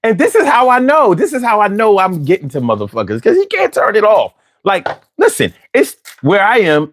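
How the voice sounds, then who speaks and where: A man's voice: sits high, huge pitch swings, a little fast. A man hosting a late-night livestream, ranting with heavy profanity and talking back to his chat. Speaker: livestream host.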